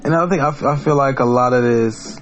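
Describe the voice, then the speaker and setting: A man's voice: mid-range voice, a little fast, faint music behind. A man hosting a podcast, talking in a blunt, profane, rambling monologue full of restarts. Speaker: podcast host. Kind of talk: casual monologue.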